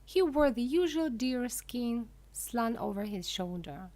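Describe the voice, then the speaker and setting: A woman reads a children's story aloud slowly and expressively. Her voice is fairly high and moves lively through each sentence. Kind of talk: reading a children's book aloud.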